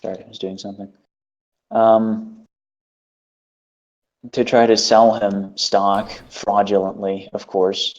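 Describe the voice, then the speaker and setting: A man's voice: lowish voice, completely flat delivery, takes it slowly, long pauses, a little mellow. A man hosting a casual chat, telling an exasperated, profane story. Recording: dull lo-fi recording.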